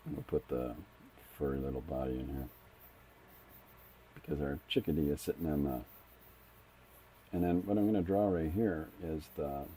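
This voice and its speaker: A man's voice: rumbling low, normal speed, pauses often, warm tone, a little hiss or hum. A middle-aged man streaming as he draws comics, chatting casually and thinking aloud with frequent restarts. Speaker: comic artist streaming his drawing. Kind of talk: casual live-stream chat while drawing.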